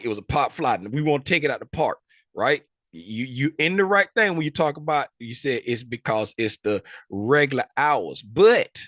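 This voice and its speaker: A man's voice: fairly low pitch, fairly bright tone, no room sound. A man teaching a live class, quizzing students and repeating key points with frequent tag questions. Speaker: trading instructor.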